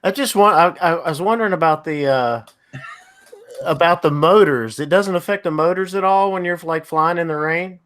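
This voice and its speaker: A man's voice: fairly high pitch, normal speed, fairly bright tone. A man from North Carolina co-hosting a live drone chat stream, easygoing and hesitant with lots of fillers. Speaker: co-host.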